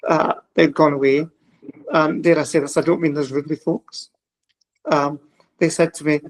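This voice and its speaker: A gravelly British man chatting casually as a podcast host. He tells stories with animation, often stammering on repeated starts, and his voice carries plenty of vocal fry. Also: a little high. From United Kingdom. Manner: animated storyteller, stammers on restarts. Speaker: podcast host, spiritual medium. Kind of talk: casual chat.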